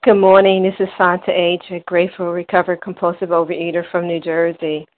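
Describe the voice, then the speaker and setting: A woman with a somewhat low voice shares at a phone-in meeting, leaning hard on words she wants to stress. It sounds thin and boxed-in, like a phone line. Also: flat delivery, fairly quick. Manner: emphatic, enthusiastic, reads aloud. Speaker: meeting member sharing.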